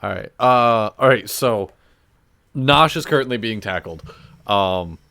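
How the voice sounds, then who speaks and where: A man's voice: on the low side, measured pace, gravelly, bright, forceful tone, smooth. A man chatting casually as a player in a tabletop game.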